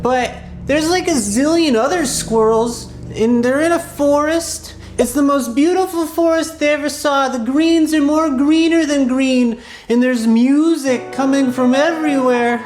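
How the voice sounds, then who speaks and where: A woman's voice: high-pitched, measured pace, few pauses, a little mellow, echoey room, faint music behind. A woman telling an improvised children's story in a clown persona, rambling and playful with asides.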